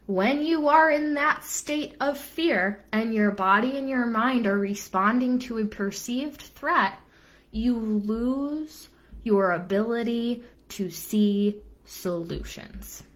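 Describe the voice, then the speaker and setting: A woman's voice: on the high side, slow. A young adult woman business coach giving an earnest live-stream talk, repeating phrases for emphasis and dropping casual asides.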